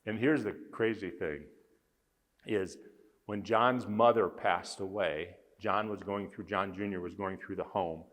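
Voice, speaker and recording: A man's voice: deep voice, fairly even intonation, measured pace, a bit bright, long reverb tail. A man speaking as a conference speaker, earnestly telling a story with emphasis. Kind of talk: storytelling talk.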